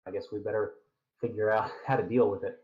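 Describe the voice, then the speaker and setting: A man as a podcast guest, talking casually in a halting, thoughtful way with many fillers. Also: lowish voice, fairly even intonation. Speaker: podcast guest, fan fiction writer. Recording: dull lo-fi call audio.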